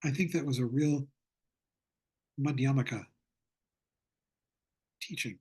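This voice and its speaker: An older man teaching a Buddhist class over a video call, speaking in a reflective way and slowing down to stress his points. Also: mid-range voice, a little mellow, husky. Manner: reflective, slows down for emphasis. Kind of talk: online lecture with storytelling.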